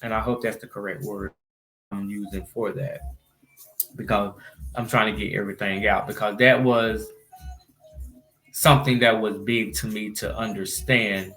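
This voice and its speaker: A man's voice: lowish voice, fairly even intonation, moderate pace, long pauses, fairly bright tone, soft background music. A young man telling his viewers about a recent experience in a loose, conversational vlog style, often adding "you know what I'm saying.". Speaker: vlogger. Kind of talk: casual storytelling to camera.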